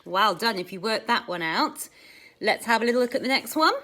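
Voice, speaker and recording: A woman teaching a phonics lesson to young children, sounding out letters slowly in a sing-song, exaggerated way. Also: on the high side, animated, sharp tone.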